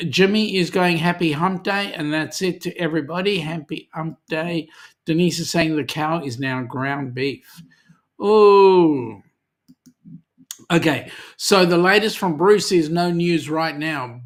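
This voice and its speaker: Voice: mid-range voice, fairly bright tone. An Australian host chatting casually on a live cruising stream, reading viewer comments aloud with plenty of ums and friendly banter.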